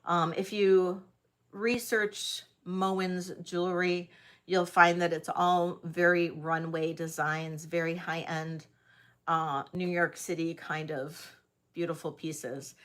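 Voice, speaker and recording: A woman hosting a live online sale, chatting casually as she auctions vintage jewelry, with frequent ums and pauses. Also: on the low side, flat delivery, a bit bright. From United States.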